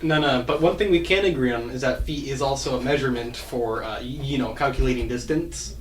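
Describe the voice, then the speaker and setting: A man's voice: mid-range voice, fast. Sarcastic teen guy, distant echoey mic. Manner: dry, sarcastic remarks. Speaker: podcast co-host. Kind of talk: casual chat. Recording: echoey room, away from mic, faint noise.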